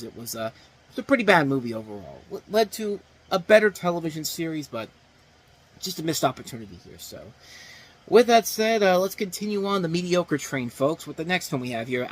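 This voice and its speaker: A man's voice: fairly high pitch, low-quality recording. A man hosting a movie review show, talking casually and rambling, with lots of fillers and restarts. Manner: rambling, many fillers and restarts, animated emphasis.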